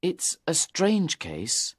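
A man's voice: fairly high pitch, huge pitch swings, drawn-out words, husky, no echo, clean studio sound, voice pushed up, heavily acted. A man voicing a nervous young man in his twenties in an audiobook, anxious and pleading. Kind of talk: audiobook character reading.

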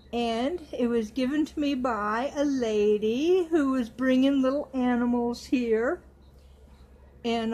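Give me a middle-aged woman vlogging in a slow, husky voice, affectionate and stumbling over words. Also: sits high, dark tone, low-quality recording. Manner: coos in baby talk. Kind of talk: casual chat to camera.

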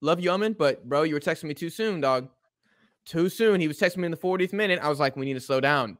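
A man co-hosting a casual podcast, talking in relaxed slang and asking his co-host questions. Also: fairly high pitch, fast talker, no echo, clean studio sound.

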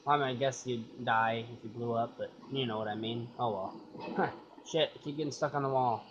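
A man's voice: mid-range voice, steady tone, normal speed. A man giving loose, rambling gameplay commentary, cursing casually and thinking aloud. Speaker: gaming YouTuber. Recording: dull lo-fi sound with clear noise.

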